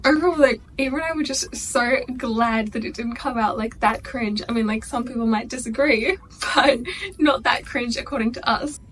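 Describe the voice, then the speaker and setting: A woman's voice: fairly high pitch, moderate pace, a bit bright, a little hiss or hum. A young adult woman with an Australian accent, gushing in casual vlog chat and peppering her talk with "like". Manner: gushing, chatty, heavy use of "like". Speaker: vlogger.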